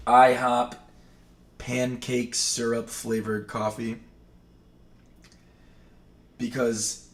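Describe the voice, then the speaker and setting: Rambling man, echoey distant mic. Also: medium pitch. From New England, Maine. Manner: rambling, chatty, self-correcting. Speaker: livestream host. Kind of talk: casual chat.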